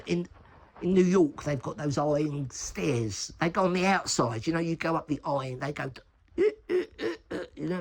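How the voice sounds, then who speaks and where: A man's voice: medium pitch, creaky, a little hiss or hum. A man casually telling a true story from his past in a rambling, sweary way, with laughing asides. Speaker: recovery storyteller.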